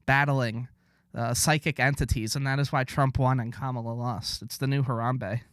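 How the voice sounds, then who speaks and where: Rambling sarcastic podcast host, dry sound. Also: male voice, mid-range voice, steady tone, moderate pace, a bit bright, smooth, no echo. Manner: rambling, sarcastic, mock-boastful. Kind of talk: casual podcast banter.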